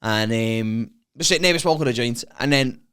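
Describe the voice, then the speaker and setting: A man's voice: medium pitch, a little fast, clean tone. A man in his twenties with a Liverpool accent, a guest comedian telling stories in casual podcast chat and acting out what people said. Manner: animated storyteller, acts out quotes.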